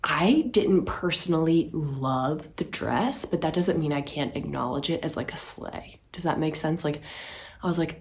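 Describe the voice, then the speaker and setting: A young adult woman giving sassy, expressive, casual commentary as a fashion vlogger, swearing for emphasis. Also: sits low, normal speed.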